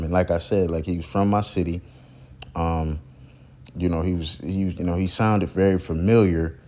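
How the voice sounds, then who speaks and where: A man's voice: sits low, normal speed, darkish tone. A man telling a casual story about a mentor, rambling with many fillers and restarts. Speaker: content creator recalling a mentor.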